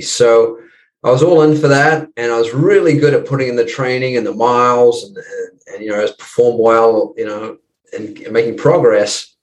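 A man in his forties with a New Zealand accent, a podcast guest telling his story in relaxed casual chat, full of "you know". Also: mid-range voice, brisk, echoey room, distant mic, rough recording. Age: 40s.

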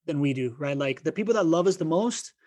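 Guy hosting a podcast, kinda high voice, excited, trips over his words. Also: fairly quick. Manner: enthusiastic, stumbling restarts. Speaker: podcast host. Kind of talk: casual interview talk.

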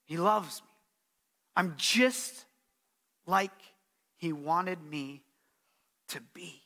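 A man's voice: on the high side, extremely slow, bright, forceful tone. A middle-aged man preaching a sermon as pastor, earnest and emphatic, repeating his key phrases.

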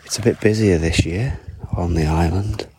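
A man's voice: deep voice, normal speed. A man chatting away in a rambling, self-mocking podcast monologue as he walks along an island beach. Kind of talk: casual walking podcast monologue. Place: outdoors on a foggy island beach. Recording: outdoor water noise. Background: lapping water.

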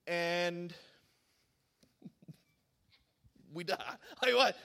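A man preaching a sermon, telling a personal story with animated bursts of excitement and laughter. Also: sits high, slow, pauses often. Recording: long hall reverb.

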